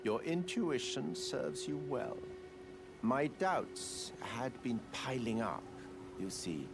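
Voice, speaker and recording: A man voicing a grave, gravelly older warrior in a video game, speaking in measured, archaic, confiding tones. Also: mid-range voice, very animated, noisy background, heavily acted. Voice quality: gravelly, archaic formal speech. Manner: measured, confiding theatrical delivery.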